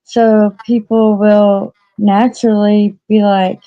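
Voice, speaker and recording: A woman's voice: mid-range voice, little pitch movement, measured pace, hardly any pauses. A woman in casual chat, talking freely with many fillers, acted-out quotes and frequent laughs. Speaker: co-host. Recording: dull lo-fi audio.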